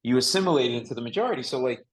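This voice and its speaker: A man's voice: mid-range voice, racing, low-quality recording. Nasal, joking American man. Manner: animated storyteller, joking. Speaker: podcast host. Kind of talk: casual comedic chat. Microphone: video call.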